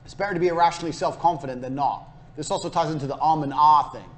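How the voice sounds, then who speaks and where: A man's voice: a little high, rapid-fire. A young British man giving a blunt, swearing motivational business lecture, acting out sales conversations along the way. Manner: brash, blunt and swearing, acts out sales dialogues. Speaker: business course speaker. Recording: faint background noise, played in a game server.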